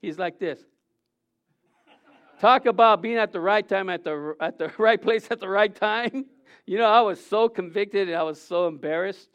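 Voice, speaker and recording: Middle-aged male pastor with a high, smooth voice, preaching conversationally with rhetorical questions and frequent restarts. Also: moderate pace, a bit bright, dull audio. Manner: frequent restarts and self-corrections. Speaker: senior pastor. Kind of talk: sermon.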